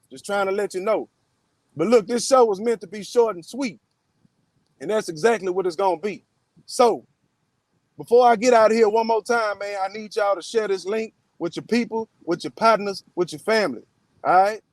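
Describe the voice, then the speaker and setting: A man's voice: sits high, no room sound. A man hosting a casual sports podcast, loose and slangy, full of "man" and "y'all".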